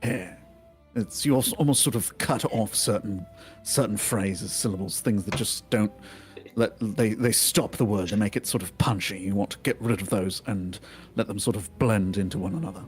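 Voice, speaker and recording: A man's voice: lowish voice, moderate pace, a little mellow, faint music behind, natural voice. A man voicing his adventurer character, who patiently explains how to pronounce a language.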